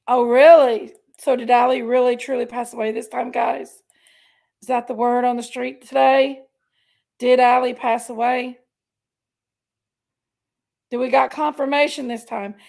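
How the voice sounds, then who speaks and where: A woman's voice: on the high side, level tone, a little slow, gravelly, long pauses, darkish tone. A woman hosting a casual livestream. She chats affectionately with viewers and greets them by name and pet name. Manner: chatty and affectionate, calls viewers pet names. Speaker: livestream host.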